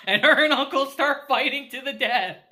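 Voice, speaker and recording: A woman casually recapping an anime episode, laughing often and acting out the characters. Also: high voice. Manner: laughs often while retelling; animated, acts out characters in quick asides. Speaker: anime reviewer.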